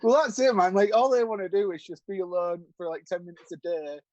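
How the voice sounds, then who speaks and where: High-voiced excitable British comedian. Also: male voice, fairly quick, no echo, lo-fi sound. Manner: excitable, laughing, swearing. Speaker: comedian guest. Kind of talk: casual online chat. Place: family home. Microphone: video call.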